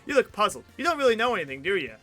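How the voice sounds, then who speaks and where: A man's voice: high-pitched, sing-song, rapid-fire, a bit bright, soft background music. A man voicing a cocky, boastful young male trainer from a video game.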